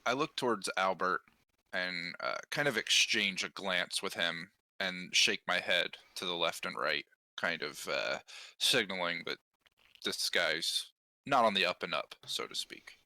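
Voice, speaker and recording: A man playing a tabletop game, describing his character's actions in a hesitant way with many pauses. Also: deep voice, animated, bright, forceful tone, no echo. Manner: hesitant, full of pauses and fillers. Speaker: player.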